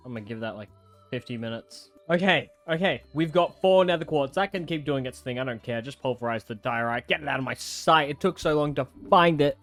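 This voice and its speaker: A young man talks his way through a video game as he plays, muttering plans and breaking into sudden excited yelps. His voice sits at an ordinary middle pitch. Soft game music plays quietly underneath. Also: a little fast. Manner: chatty, talks to himself, jumpy excited outbursts. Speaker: gaming content creator. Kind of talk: live let's-play commentary.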